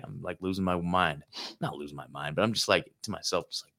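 A man's voice: low-pitched, big pitch swings, quick pace, a bit bright. Rambling man telling a trip story. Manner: rambling, peppered with filler and swearing. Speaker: host. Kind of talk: casual rambling monologue. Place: hotel room.

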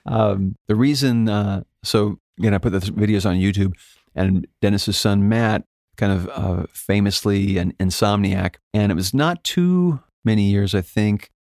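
A low-voiced man from Alaska tells his story as a guest in a relaxed interview. He is animated and leaps into high voices whenever he quotes someone. The sound is dry and close, with no room around it. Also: measured pace, dry recording. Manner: animated storyteller, jumps high when quoting others. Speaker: guest musician.

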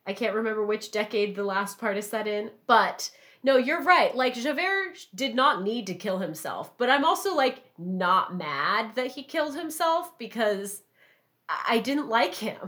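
A woman's voice: a little high, expressive, normal speed, fairly bright tone. A woman in casual chat, agreeable and thoughtful, laughing easily.

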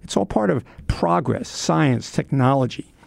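An older man from the United States talks in a wry, rambling way, pausing often as he remembers. His voice is heavily gravelly. The recording is close and dry, with no room sound. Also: medium pitch, lively intonation, a little mellow, dry recording. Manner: rambling, wry reminiscing with frequent pauses. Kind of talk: reflective monologue.

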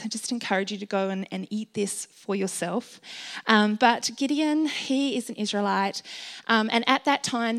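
A woman giving an informal, encouraging sermon to a gathered group, chatty and full of ums and light laughs. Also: mid-range voice. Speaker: speaker sharing a Bible message.

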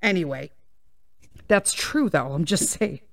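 A woman's voice: on the low side, expressive, a little slow, gravelly. A woman hosting a podcast, telling a story as a heavily profane, exasperated rant. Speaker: podcast host.

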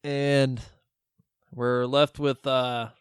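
A man's voice: medium pitch, level tone, very slow, clear, resonant tone, no echo, clean studio sound. A man co-hosting a casual movie podcast, recapping scenes and acting out lines with laughter. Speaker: podcast co-host.

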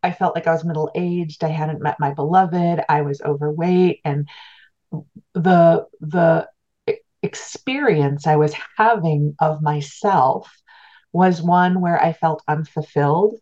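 Speaking slowly in a low, darkish voice, a middle-aged spiritual teacher earnestly recounts a personal story during an interview. She's reflective and keeps restarting, repeating words as she goes, and the audio is dull and lo-fi.

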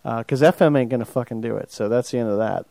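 Casual American male radio host, mellow dark voice, profane and joking, dry close sound. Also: mid-range voice, quick pace, gravelly, dry recording. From United States.

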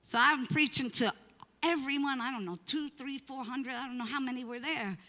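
A woman pastor telling a story from the pulpit in an animated way, acting out the voices of the people she quotes. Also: high voice, moderate pace, big-room sound. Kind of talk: storytelling sermon.

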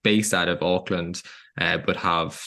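A man with a Dublin Irish accent, a CEO being interviewed, explaining in a measured way with some hesitation. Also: low voice, steady tone, pushed and bright. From Ireland. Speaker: guest, CEO of a nonprofit. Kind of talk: interview answers.

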